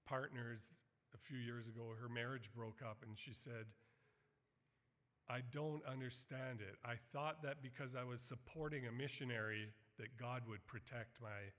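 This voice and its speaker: Middle-aged man, sermon, earnest, mid pitch, long hall reverb. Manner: earnest, rises to loud animated emphasis on quotes. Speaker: missionary preacher.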